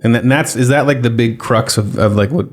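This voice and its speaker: A man's voice: medium pitch, fairly quick. A man co-hosting a podcast, bantering casually with joking asides and hesitant fillers. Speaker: podcast co-host.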